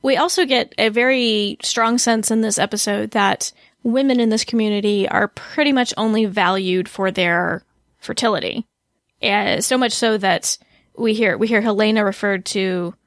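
A woman's voice: medium pitch, fairly even intonation, normal speed, dry recording, clean studio sound. A woman co-hosting a podcast, talking thoughtfully and a little hesitantly about a TV episode. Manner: thoughtful, self-deprecating, slightly hesitant. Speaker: podcast co-host. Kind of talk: casual TV recap chat.

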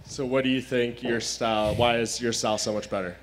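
A man's voice: medium pitch, fairly even intonation, fairly quick. A man, a reporter, asking polite, hesitant questions with fillers, steering back to fight talk. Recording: noisy press room with crowd chatter.

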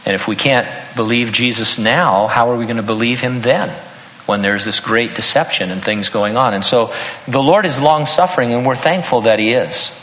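A man's voice: medium pitch, normal speed, sharp tone, in a large hall, low-quality recording. An older man preaching a sermon in an earnest tone, breaking into humorous personal stories. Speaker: pastor.

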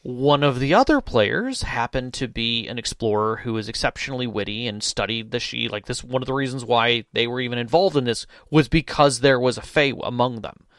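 Brief: gravelly-voiced male game master, co-hosting a chat show, dry close sound. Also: mid-range voice, a little fast, hardly any pauses, no echo. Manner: storytelling, animated retelling. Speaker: game master, podcast co-host. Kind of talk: casual podcast chat.

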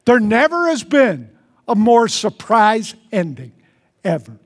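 A man preaching a sermon as pastor, earnest, repeating phrases and dropping softly for prayers. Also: huge pitch swings, slow. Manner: earnest, repeats phrases, drops to soft low tones for prayers. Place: large church hall. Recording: long hall reverb.

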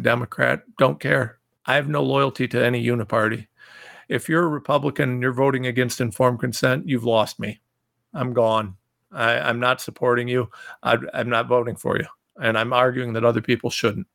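A man's voice: mid-range voice, creaky, a bit bright, no echo, studio quality. A man from Ohio hosting his own show, delivering a combative, repetitive political rant straight to his listeners. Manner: combative, ranting, repeats himself. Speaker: show host. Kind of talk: fiery political monologue.

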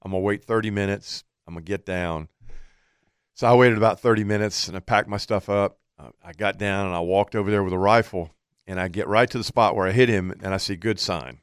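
A man's voice: lowish voice, a little fast, clear, resonant tone, no room sound, studio quality. A man telling a hunting story in casual chat, acting out what he and his buddy said. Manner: animated storyteller, quotes himself and others.

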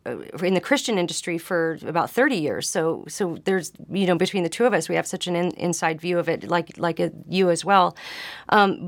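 A woman's voice: fairly low pitch, no echo, studio quality. A woman hosting a live panel discussion, a former Christian music artist, talking in a friendly, conversational way. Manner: friendly, conversational, a bit halting.

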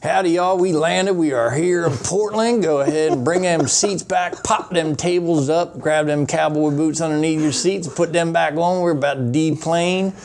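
A man's voice: a little high, normal speed, creaky, few pauses, darkish tone, voice pushed up. A man putting on a country accent as a hearty cowboy flight attendant making cabin announcements.

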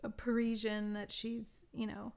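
Gushing woman with a smooth voice. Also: a little high, measured pace. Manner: gushing, animated retelling of scenes. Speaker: podcast co-host. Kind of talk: casual film review chat.

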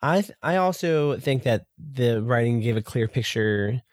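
A speaker in a casual book review chat, enthusiastic and quick to agree. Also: mid-range voice, lively intonation, darkish tone, dry recording, clean studio sound.

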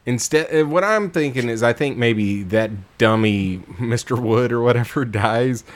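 A man retelling a book in casual chat, animated and profane, laughing often. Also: medium pitch, unhurried.

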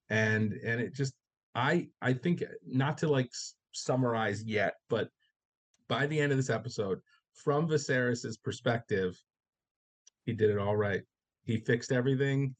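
A man co-hosting a casual podcast chat about a TV episode, animated and swearing freely, acting out the characters' reactions. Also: medium pitch. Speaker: podcast co-host.

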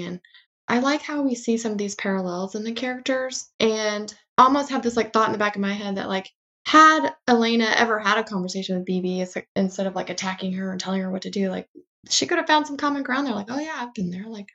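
On a podcast, a woman in her thirties co-hosts a casual chat about a TV episode, packing her talk with "like" and acting out quotes. She has a mid-range, slightly bright voice, captured in a dull lo-fi recording.

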